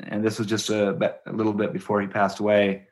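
A middle-aged man talking as a guest in a conversational interview, an animated storyteller who acts out the voices he quotes and laughs as he talks. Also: fairly low pitch, brisk. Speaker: guest, education company president.

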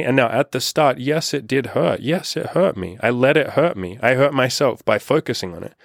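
A man's voice: medium pitch, no echo, studio quality. A man giving blunt, profane dating advice in a casual monologue, acting out rude exchanges along the way. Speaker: dating coach.

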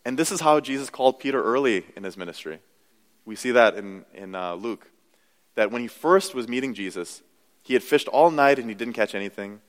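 A man's voice: medium pitch, expressive, a little fast, in a large hall. A young adult man preaching a sermon in a conversational, self-deprecating way, full of "you know"s. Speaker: pastor.

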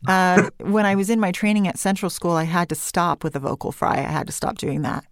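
A Californian woman speaks as a voice coach in an animated interview. Her voice sits fairly low for a woman and sounds smooth and resonant. She is recorded close on a dry microphone. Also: a little fast, no echo. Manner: animated explanatory talk with light vocal fry and uptalk. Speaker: voice and speech coach. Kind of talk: interview conversation.

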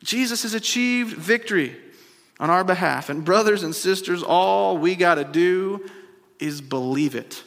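A man's voice: high-pitched, measured pace, vocal fry, a bit bright. A man preaching a sermon as pastor, building to emphatic repeated refrains and then dropping into chatty asides to the congregation. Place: church sanctuary. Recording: long reverb of a large hall.

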